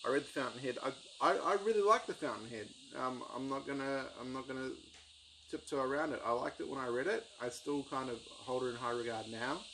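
A man talking casually about books from his shelf on his channel, rambling and enthusiastic with many pauses and ums. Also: mid-range voice, bright, forceful tone, slight background noise, low-quality recording. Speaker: book-collecting YouTuber. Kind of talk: casual book review vlog.

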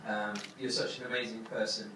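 A young man giving his wedding toast as the groom, halting with many fillers and fighting back tears. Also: fairly low pitch, little pitch movement. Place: wedding reception hall. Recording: echoey hall from far off, crowd noise.

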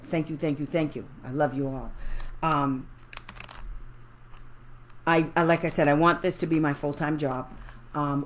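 Woman, special education advocate vlogger, heated indignant rants, casual livestream chat, lowish voice. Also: a little hiss or hum. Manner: chatty and pleading with viewers. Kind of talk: casual livestream talk to viewers.

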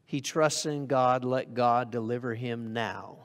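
A man's voice: mid-range voice, steady tone, unhurried, in a large hall. A man preaching a sermon to a congregation in a conversational way, often asking them questions. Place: church hall.

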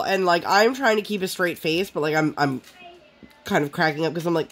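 A woman's voice: fairly low pitch, fairly quick. A woman vlogger chatting casually while she crafts, rambling and full of fillers.

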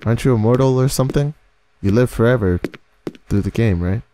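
A man's voice: medium pitch, a little fast, dark tone, a little hiss or hum. A man giving nervous horror game commentary, talking to the game's ghost as he plays. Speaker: gaming video creator.

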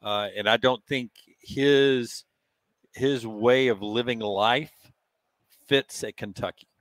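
A man's voice: medium pitch, slow, no room sound. A man co-hosting a sports talk show, casual, emphatic and teasing, often repeating his point.

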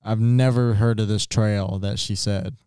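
Mellow-voiced young man telling stories. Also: lowish voice, fairly even intonation, unhurried, clean tone, no room sound, clean studio sound. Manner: laid-back storytelling with frequent fillers. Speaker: podcast co-host. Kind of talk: casual chat.

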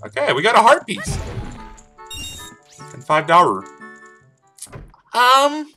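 Casual gaming host, playful and jokey, animated delivery that jumps around in pitch. Bright tone, faint game music underneath. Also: male voice, takes it slowly, long pauses. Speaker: let's play host. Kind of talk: casual gameplay commentary.

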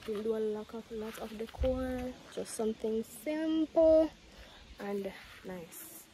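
A woman's voice: fairly high pitch, takes it slowly, dark tone, slight background noise, rough recording. A woman, chatting casually to her viewers in a vlog. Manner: chatty, addresses viewers as guys. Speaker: vlogger.

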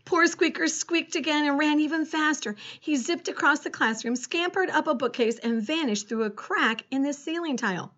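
A woman reading a children's storybook aloud in an expressive way. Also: sits high, moderate pace, few pauses. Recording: dull lo-fi recording.

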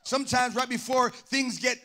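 Pastor, man, high and bright, fervent call-and-response preacher. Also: steady tone, moderate pace. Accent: Southern Californian. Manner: fervent preaching with call-and-response, rising into sing-song cadences. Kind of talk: sermon. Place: church sanctuary.

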